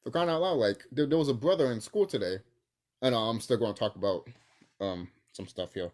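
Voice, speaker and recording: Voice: medium pitch, fairly quick, darkish tone. A young adult vlogger talking casually to camera in a profane, rambling rant full of fillers.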